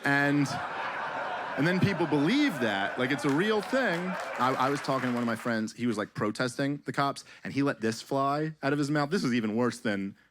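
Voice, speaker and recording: Male stand-up comic, mid-pitched, sarcastic and profane, animated delivery on a stage mic. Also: moderate pace, noisy background. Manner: sarcastic, profane, animated storytelling with mock voices. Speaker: stand-up comedian. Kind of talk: stand-up comedy set.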